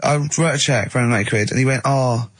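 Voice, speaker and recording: A man's voice: mid-range voice, fast talker, dry recording. A man co-hosting a comic radio show, spinning rambling anecdotes and acting out both sides of each conversation. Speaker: radio co-host. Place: radio studio.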